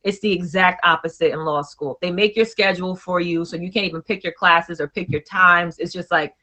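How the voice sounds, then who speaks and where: A woman's voice: on the low side, steady tone, bright, forceful tone. A woman in her twenties, a guest on a casual talk show, chatting in a playful, easygoing way. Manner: playful, easygoing, quick to laugh along. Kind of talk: casual interview chat.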